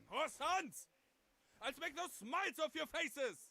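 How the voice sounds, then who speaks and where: An actor voicing a furious villager with a German accent in a video game, yelling curses. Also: male voice, extremely high pitch, expressive, unhurried, full character voice. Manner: enraged, shouting. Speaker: game character.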